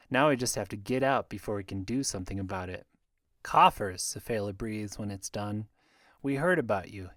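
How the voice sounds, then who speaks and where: A man narrating a fantasy audiobook in a measured storytelling voice, lightly voicing the characters. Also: medium pitch, no room sound, studio quality.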